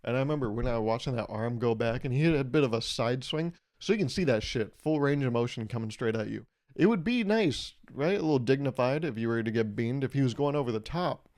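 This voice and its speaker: Animated young man telling stories. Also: medium pitch, fast talker, hardly any pauses. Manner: animated, acts out quotes in raised voices. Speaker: podcast host. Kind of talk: casual comedic storytelling.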